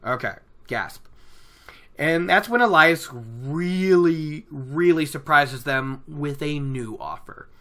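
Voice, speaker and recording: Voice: medium pitch, takes it slowly, hardly any pauses, pushed and bright. A podcast host recapping a book chapter in a chatty way, with many "you know"s.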